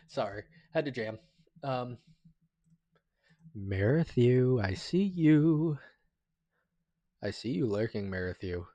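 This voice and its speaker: Male streamer, casual chat, rambling and jokey, mid-pitched voice, close dry sound. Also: animated, takes it slowly, pauses often, dark tone, dry recording. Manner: rambling, chatty, stumbles and restarts often; sentimental, jokey, thanks viewers often. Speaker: livestreamer.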